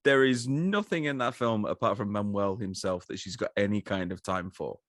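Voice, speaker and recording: A man on a podcast joking about a bad movie, often pausing on fillers and acting out quoted lines. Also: on the low side, a bit bright, no echo. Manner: hesitant fillers, jokey, acts out quotes. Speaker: podcast co-host. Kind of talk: casual comedic movie chat.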